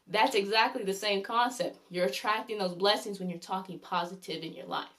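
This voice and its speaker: A woman's voice: mid-range voice, brisk, fairly bright tone. A woman giving a spoken devotional talk as a faith vlogger, earnest and rambling, often repeating a praise phrase and her own points. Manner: repeats "glory be unto the Lord" often.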